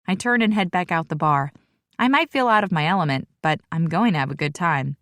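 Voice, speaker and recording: A woman narrating a first-person romance audiobook with a sassy, expressive delivery. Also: lowish voice, a little fast, no room sound, clean studio sound.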